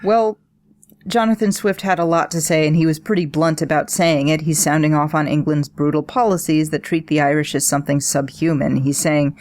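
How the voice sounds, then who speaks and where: Woman podcast co-host, deep for her sex, lively analytical chat. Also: moderate pace. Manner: animated analytical talk. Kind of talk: casual podcast discussion.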